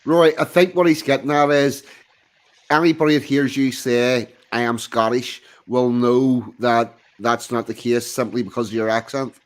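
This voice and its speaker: A man in a casual stream chat, calmly explaining and steering the talk. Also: medium pitch, moderate pace.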